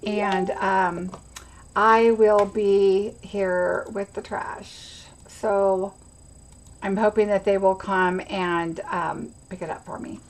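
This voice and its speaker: A woman's voice: medium pitch, steady tone, slow pace, poor audio. A middle-aged woman hosting a casual craft livestream, rambling chattily and greeting viewers by name. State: has the hiccups.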